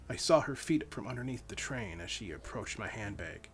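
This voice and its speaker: A man's voice: medium pitch, big pitch swings, fairly quick, few pauses, faint music behind. A man reading his own novel aloud in first-person audiobook narration, with dramatic storytelling.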